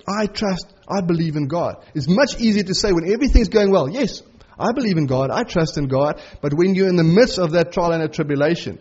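Man preacher, husky voice, slightly high, earnest conversational sermon, dull lo-fi recording. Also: darkish tone. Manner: earnest, conversational preaching with dramatic slowdowns on key phrases.

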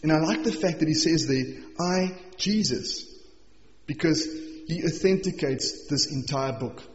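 A man preaching a morning sermon, reading scripture slowly and with emphasis, then explaining it in an earnest, conversational way. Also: fairly high pitch, a little mellow. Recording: echoey hall, dull sound.

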